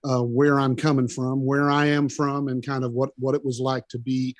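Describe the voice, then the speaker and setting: A man's voice: medium pitch, level tone, moderate pace, no room sound. Folksy Oklahoman man, stammering. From Oklahoma, USA. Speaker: musician guest. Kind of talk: interview chat.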